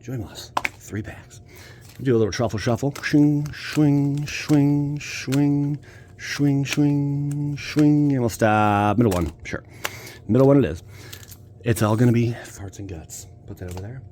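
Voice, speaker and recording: A man's voice: lowish voice, moderate pace, darkish tone, slight background noise. An American man hosting a casual pack-opening video, joking and talking straight to his viewers. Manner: playful, jokey, talks to viewers. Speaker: channel host opening card packs.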